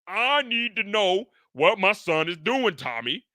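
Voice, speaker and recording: Guy playing a preachy upset dad, loud and raised up, bright sharp voice. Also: sits high, very animated, measured pace, no echo, clean studio sound, pitched above the performer's own voice, full character voice. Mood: insistent. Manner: loud, pleading, lecturing. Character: indignant middle-aged father, loud and preachy.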